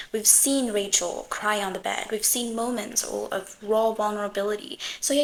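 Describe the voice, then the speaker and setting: A woman hosting a video essay, giving scripted commentary in a measured, analytical way. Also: medium pitch, poor audio.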